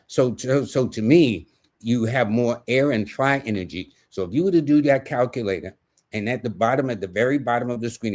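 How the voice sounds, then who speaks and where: A man with a New York accent giving live numerology readings in a folksy, conversational way, speaking to viewers by name. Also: on the low side. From United States. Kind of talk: casual livestream reading.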